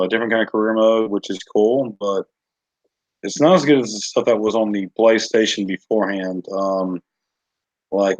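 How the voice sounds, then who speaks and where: Rambling low-voiced man on stream. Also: no room sound, highs cut off. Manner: rambling, lots of fillers and restarts. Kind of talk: casual chat on a livestream.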